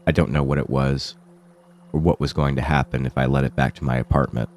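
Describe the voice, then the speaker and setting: Man, extremely low voice, sick and rough, somber first-person horror narration, faint music behind. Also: steady tone, a little fast, darkish tone. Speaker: horror channel host.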